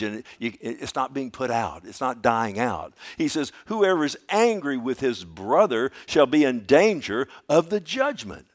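Pastor, male, animated sermon delivery with rhetorical questions, sanctuary sound. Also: mid-range voice, a little slow, hardly any pauses. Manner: dynamic, shifts between loud emphasis and quiet.

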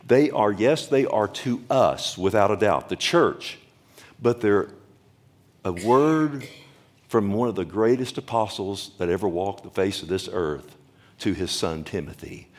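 A man's voice: fairly low pitch, a little mellow. A man preaching a sermon as pastor, emphatic and repetitive, calling out for the congregation's response.

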